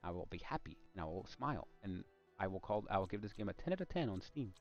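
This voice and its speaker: A man's voice: lowish voice, big pitch swings, fast talker, highs cut off, faint music behind. A man streaming ranked matches in casual gaming chat, rambling and often trailing off and restarting mid-sentence.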